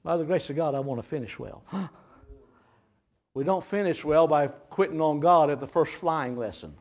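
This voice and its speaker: A man preaching a sermon, telling a folksy story with laughter that turns hushed and grave, with audible gasps between phrases. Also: on the high side, moderate pace. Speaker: pastor.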